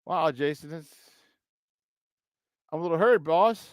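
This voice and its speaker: Man in his fifties, sports talk host, bantering with the chat, slightly high voice, dry close sound. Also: unhurried, pauses often, clean tone, dry recording. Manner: greets chat viewers, laughs often, banter. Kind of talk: casual livestream chat.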